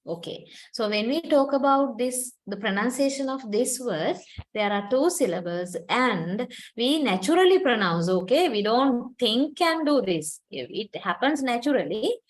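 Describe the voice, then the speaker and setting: A woman's voice: a little high, low-quality recording. A woman giving a university lecture, explaining patiently, quizzing students and using many fillers.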